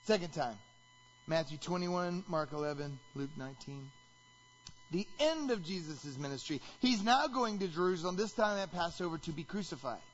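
A man preaching a sermon as pastor, animated and rising to shouts when he acts out quotes. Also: fairly high pitch, moderate pace, muffled recording.

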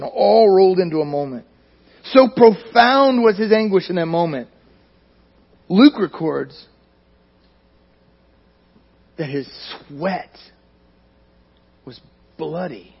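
A man preaching a sermon in a church, speaking emphatically and often sinking to near-quiet at the ends of phrases. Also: high-pitched, vocal fry, breathy edge. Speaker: pastor. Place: church sanctuary. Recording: dull lo-fi recording.

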